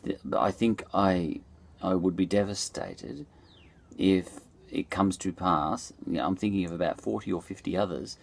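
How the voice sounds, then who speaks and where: Gravelly Australian man musing aloud. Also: deep voice, moderate pace. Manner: musing, loose and digressive, many fillers. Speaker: podcast host. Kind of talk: rambling reflective monologue.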